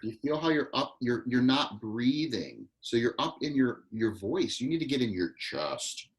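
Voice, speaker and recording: A man acting coach leading a live online class, giving quick, directive notes over a video call. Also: medium pitch, lively intonation, rough recording.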